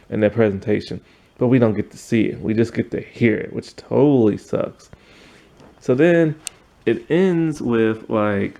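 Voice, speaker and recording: A man's voice: fairly low pitch, vocal fry, darkish tone. A man recapping a TV episode in a casual, rambling way, full of fillers. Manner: rambling, filler-heavy retelling. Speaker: TV episode reviewer.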